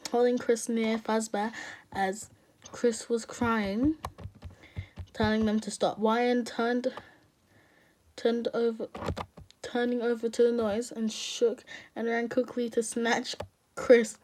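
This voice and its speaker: A woman's voice: on the high side, little pitch movement, takes it slowly, pauses often, darkish tone, a little hiss or hum. A woman reading fan fiction aloud in an emotional way, stopping to laugh and apologize.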